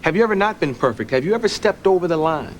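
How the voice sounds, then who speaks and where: A man hosting a talk show, reacting with upbeat quick remarks and questions. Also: fairly high pitch, lively intonation, slight background noise.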